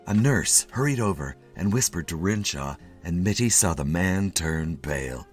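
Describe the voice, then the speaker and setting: A man narrating a classic short story with an expressive, animated reading. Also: deep voice, normal speed, soft background music. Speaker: story reader.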